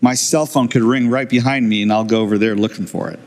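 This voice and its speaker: A man's voice: medium pitch, steady tone, fast. An older man, a preacher, giving a sermon in a church, telling a personal story and acting out the other people's lines with laughter. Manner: storytelling, acts out quoted voices with laughs.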